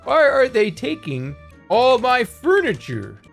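A man's voice: very high voice, huge pitch swings, takes it slowly, vocal fry, soft background music, voice pushed up, full character voice. A man doing a whiny, panicky Homer. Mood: panicked. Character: bumbling middle-aged cartoon dad, easily flustered.

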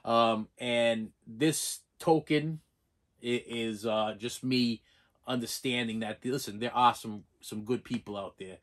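A man's voice: mid-range voice, fairly even intonation, takes it slowly. A man hosting his own channel, rambling in a casual vlog, tripping over and repeating words as he thanks a viewer sincerely. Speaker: channel host.

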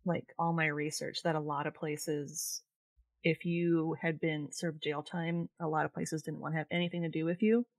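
A woman co-hosting a casual podcast, reading from her notes in a relaxed way. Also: sits low, moderate pace, no echo. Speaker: podcast co-host, researcher.

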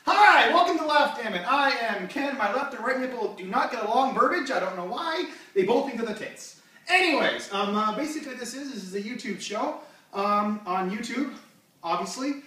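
A man hosts his own amateur stand-up show at home, rambling and crude with lots of fillers. His voice is high and bright. It is recorded from across an echoey room. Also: distant mic. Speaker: host.

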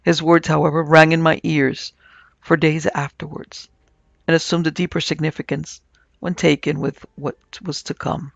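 Gravelly-voiced male storyteller. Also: on the high side, flat delivery, fairly bright tone, dry recording, highs cut off. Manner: measured storytelling. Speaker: narrator and producer. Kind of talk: scripted narration of a supernatural tale.

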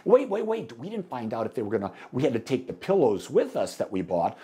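Animated man preaching a sermon. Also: mid-range voice, brisk. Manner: animated storytelling, acts out dialogue. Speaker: minister. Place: church sanctuary.

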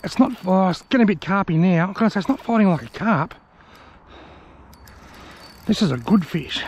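An Australian man with a high voice, chatting enthusiastically to viewers on a riverbank as he narrates a fishing vlog. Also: expressive, moderate pace, a little mellow, breathy edge. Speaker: fishing vlogger. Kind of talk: casual outdoor vlog narration. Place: outdoors on a riverbank.

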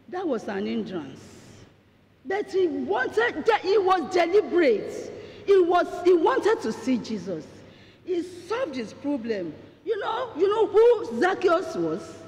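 A male preacher delivering a fervent revival sermon in shouted bursts in a church hall. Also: extremely high pitch, a little hiss or hum. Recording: echoey church hall with long reverb.

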